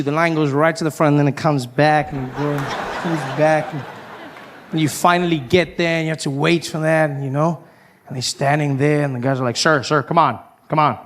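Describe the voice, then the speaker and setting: A stand-up comedian with a fairly high voice tells his stories in an animated, lively way. He keeps slipping into acted-out voices, and faint noise hums underneath.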